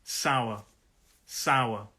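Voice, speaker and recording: A middle-aged man teaching English pronunciation on a live stream, friendly and repeating each word slowly to show the stress. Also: mid-range voice, sharp tone, breathy edge.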